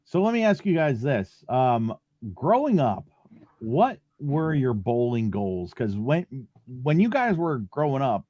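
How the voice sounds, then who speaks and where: A man's voice: medium pitch, big pitch swings, measured pace, mellow, muffled recording. A man hosting a casual podcast chat, giving brief encouraging backchannels and asking questions. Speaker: podcast host.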